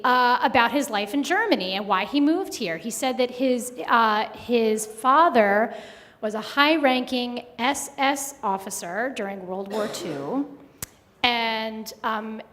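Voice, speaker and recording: A woman telling a personal story live at a story slam, conversational with many pauses and fillers. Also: a little high, fairly bright tone. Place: live event hall. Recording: long hall reverb.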